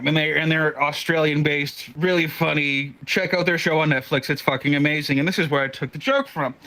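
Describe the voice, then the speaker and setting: A twenty-something man does stand-up at a virtual comedy show online, stumbling through many restarts in a profane story. His fairly high voice has a sharp tone, and the audio quality is poor.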